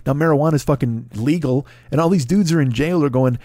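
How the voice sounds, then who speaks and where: Profane ranting man, higher-pitched voice. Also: fairly quick, mellow, dry recording, clean studio sound. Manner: profane, ranting, riffing with laughs and restarts. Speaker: podcast host. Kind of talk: solo comedic monologue.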